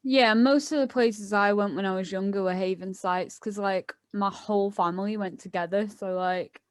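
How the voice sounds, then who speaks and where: A woman's voice: mid-range voice, moderate pace, dry recording, studio quality. A young British woman casually chatting with her bandmates on a podcast and prompting them to go on. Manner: relaxed, prompts others to talk. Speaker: band member podcast co-host. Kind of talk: casual chat.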